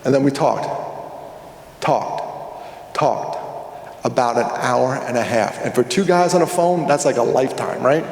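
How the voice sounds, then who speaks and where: A middle-aged man giving a keynote talk at a conference, telling a story with lively energy and acting out both sides of phone calls. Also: mid-range voice, fairly quick, few pauses, slight background noise. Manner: animated, acts out phone dialogues. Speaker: conference speaker. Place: large hall. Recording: echoey hall with long reverb.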